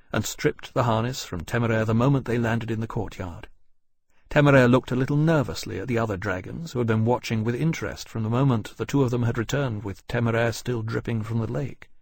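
A man reading an audiobook in a measured, even storytelling manner. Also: medium pitch, creaky, slightly rough, no echo. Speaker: audiobook narrator. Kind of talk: scripted narration.

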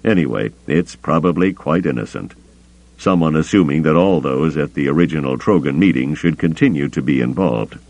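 A man as a measured, low-voiced smuggler leader. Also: lively intonation, darkish tone, dry recording, heavily acted. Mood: calm. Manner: measured, deliberate.

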